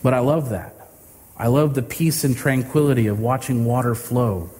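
A male pastor giving a sermon with earnest, drawn-out emphasis. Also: medium pitch, darkish tone. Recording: reverberant hall with faint ambience.

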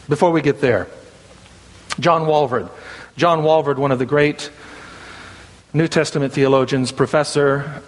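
High-voiced Southern preacher in a reverberant sanctuary. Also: male voice, fairly bright tone. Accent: Southern American. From American South. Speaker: pastor. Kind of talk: sermon. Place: church sanctuary.

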